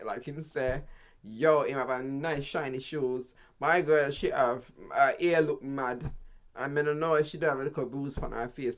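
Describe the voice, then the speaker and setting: Animated storyteller with British Jamaican patois. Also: mid-range voice. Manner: animated storytelling, acts out voices, laughs often. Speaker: vlogger. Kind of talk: storytime vlog.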